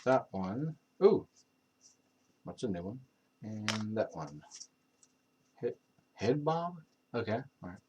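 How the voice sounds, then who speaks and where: A man's voice: fairly low pitch, big pitch swings, slow, long pauses, background noise. A young man on a live stream who rambles casually, with many fillers and restarts. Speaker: streamer practicing accents.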